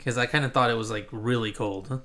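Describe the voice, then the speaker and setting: A man's voice: mid-range voice, fast talker, pushed and bright. A man from Central California hosting a podcast in casual chat, rambling with lots of fillers and restarts. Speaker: podcast host.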